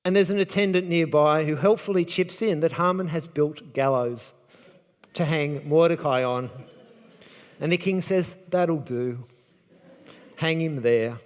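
A man's voice: fairly high pitch, normal speed, big-room sound. A man preaching a sermon, retelling a Bible story with drama and acting out the quoted lines.

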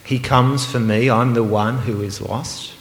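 A man preaching a sermon, earnest and emphatic, sometimes slowing to a hushed, meditative repetition. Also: mid-range voice, fairly even intonation. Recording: roomy hall with long reverb.

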